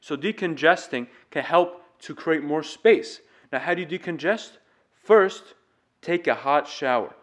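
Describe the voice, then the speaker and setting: A man's voice: a little high, animated, a little slow, fairly bright tone. A man teaching singing, explaining vocal tips step by step in an earnest, demonstrative way. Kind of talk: casual vocal tutorial.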